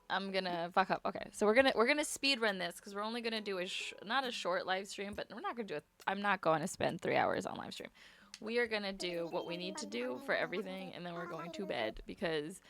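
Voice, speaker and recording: A woman's voice: mid-range voice, animated, brisk, a bit bright. A young woman chatting casually to viewers on a live stream while playing a game, rambling with lots of fillers and restarts.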